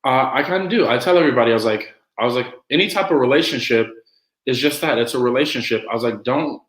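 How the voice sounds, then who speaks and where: A man's voice: medium pitch, fast talker, a bit bright, roomy sound, poor audio. A man guesting on a podcast in casual chat, an easygoing storyteller who acts out quotes.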